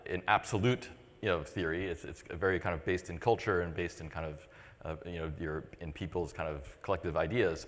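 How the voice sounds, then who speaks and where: A man in his forties co-hosting a podcast, talking thoughtfully and rambling with lots of fillers and restarts. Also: sits low. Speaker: podcast co-host. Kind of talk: casual podcast chat. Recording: long reverb.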